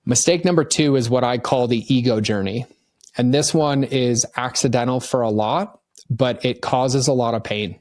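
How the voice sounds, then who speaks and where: Animated storytelling man, dry close sound. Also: medium pitch, normal speed, no room sound. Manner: animated storyteller acting out customers in quoted voices. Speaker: podcast guest, marketing consultant. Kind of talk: conversational podcast interview.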